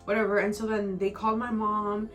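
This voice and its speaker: A woman's voice: mid-range voice, level tone, fairly quick, a bit bright, faint music behind. A young woman vlogger telling a personal story in a rambling, emotional way, full of "like", tearful at times. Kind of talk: storytime vlog.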